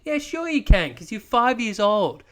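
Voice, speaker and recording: A man's voice: high-pitched, big pitch swings, moderate pace, a bit bright, voice pushed up. A man voicing a mother asking her small child what he wants for dinner, in a mocking sing-song way.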